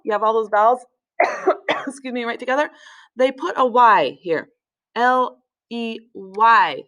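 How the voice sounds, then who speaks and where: A woman teaching a recorded language lesson in a relaxed way, with many fillers, slowing down to spell words out. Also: fairly high pitch, low-quality recording. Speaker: Spanish teacher.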